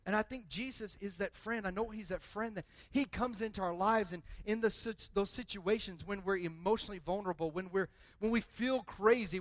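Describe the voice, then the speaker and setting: A man with a high, light voice preaches to his congregation, moving from a soft, talky delivery into loud, rising declarations. He repeats phrases for emphasis. The sound is close and dry, with no room echo. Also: brisk, hardly any pauses. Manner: builds from quiet to loud and preachy, repeats words. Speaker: pastor. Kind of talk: sermon. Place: church.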